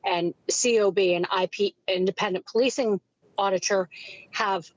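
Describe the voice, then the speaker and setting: A woman giving public comment for a community group at a meeting. She is earnest and measured, with some restarts. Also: medium pitch, steady tone. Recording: dull, dry lo-fi audio.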